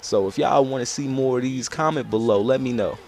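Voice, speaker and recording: A man's voice: medium pitch, brisk, a little mellow. Young man, casual gaming commentator telling a rambling story. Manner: loose rambling slangy storytelling. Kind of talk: casual storytelling over gameplay.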